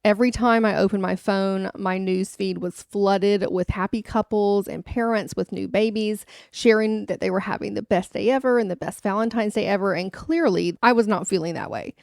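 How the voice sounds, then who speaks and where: A woman's voice: mid-range voice, moderate pace, vocal fry, hardly any pauses, darkish tone, no echo, clean studio sound. A woman in her thirties hosting a podcast, telling a personal story in an earnest, confiding way. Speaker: podcast host.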